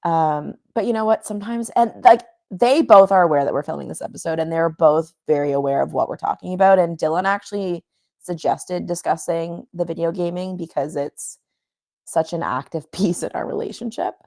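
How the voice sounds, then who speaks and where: A woman's voice: fairly low pitch, fairly quick, warm tone, no room sound. A young woman co-hosting a casual podcast, chatty and giggly, with lots of fillers. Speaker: podcast co-host. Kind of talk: casual chat.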